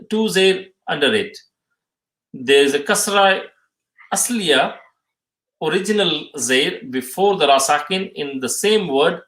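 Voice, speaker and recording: Male tajweed teacher, slightly high voice, hesitant, repeats terms, roomy echo. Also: fairly bright tone. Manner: halting, many fillers, restates terms twice. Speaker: Quran recitation teacher. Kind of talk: live tajweed lesson, reading questions and answers. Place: mosque or Islamic centre room.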